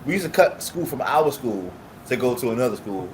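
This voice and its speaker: A New man spins a story in loose street slang, acting out everyone in it. His voice sits at an everyday male pitch. A steady air-conditioner hum runs under every word. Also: brisk, poor audio. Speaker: podcast co-host. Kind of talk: casual chat, storytelling.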